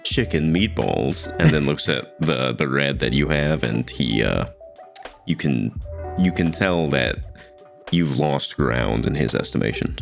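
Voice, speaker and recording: Very deep-voiced man narrating wryly. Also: unhurried, creaky, soft background music. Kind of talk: narrating a tabletop game.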